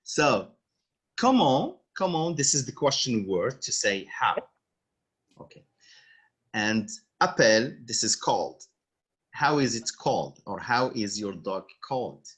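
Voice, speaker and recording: A man teaching French over a video call, with a husky voice and a lively, rising and falling pitch. He speaks slowly and repeats each phrase with patience. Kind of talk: online language lesson.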